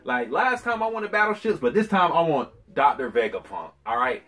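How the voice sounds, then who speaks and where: A man's voice: fairly high pitch, big pitch swings, moderate pace, pushed and bright, faint music behind, pitched above the performer's own voice. A man voicing an arrogant, brash male villain shogun who makes cocky, slangy, profane demands. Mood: demanding.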